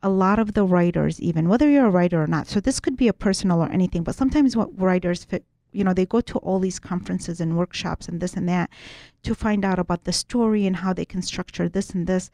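A woman's voice: fairly low pitch, fast talker, warm tone, no room sound. A woman being interviewed as a guest, explaining her teachings earnestly and often restarting her sentences. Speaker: guest, writer and spiritual workshop teacher.

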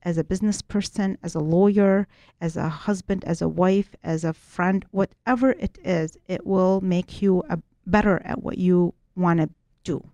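A woman's voice: lowish voice, moderate pace, dark tone, no room sound. A woman being interviewed as a guest, explaining her teachings earnestly and often restarting her sentences. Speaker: guest, writer and spiritual workshop teacher.

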